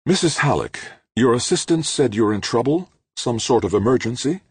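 A man's voice: medium pitch, expressive, moderate pace, darkish tone, husky, no room sound, voice pushed up. A man voicing a well-groomed woman on a video call, anxious and questioning. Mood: worried.

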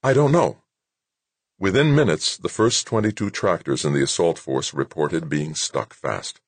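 Male audiobook narrator, very deep, husky, dry close sound. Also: no echo. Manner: steady, measured reading. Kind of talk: scripted narration.

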